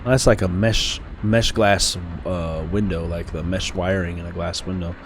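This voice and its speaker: A man's voice: low voice, fairly even intonation, measured pace, slight background noise. A man hosting a game playthrough, chatting casually and thinking aloud, often correcting himself. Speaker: gaming channel host. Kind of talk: let's play commentary.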